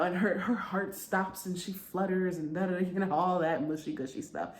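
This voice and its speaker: A woman's voice: low-pitched, fast, hardly any pauses. A woman talking casually to her viewers about a book, chatty and full of asides. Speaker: book vlogger. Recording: roomy with faint background noise.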